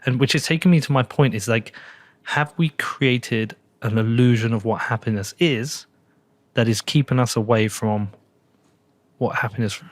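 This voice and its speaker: A man's voice: mid-range voice, moderate pace, no room sound. A man hosting a podcast, talking candidly and confessionally and swearing casually. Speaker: podcast host. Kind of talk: casual interview conversation.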